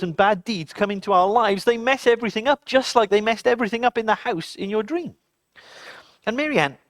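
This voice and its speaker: A man telling a story to children in an animated, dramatic way, speaking to the kids directly. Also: sits high, no echo, studio quality.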